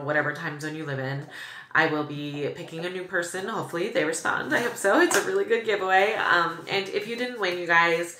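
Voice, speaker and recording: Gushing low-voiced woman in an echoey room. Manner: gushing, excitable, chatty with many fillers. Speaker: beauty vlogger. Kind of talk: casual unboxing chat. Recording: echoey room with clear background noise.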